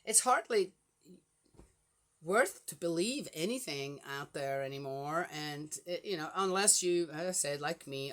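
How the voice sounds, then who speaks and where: An older woman, a grandmother, chatting casually and rambling through a story with many fillers, getting animated and exasperated. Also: on the low side, normal speed. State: flushed from a hot flash. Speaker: Bible reading podcaster. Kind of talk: casual chat.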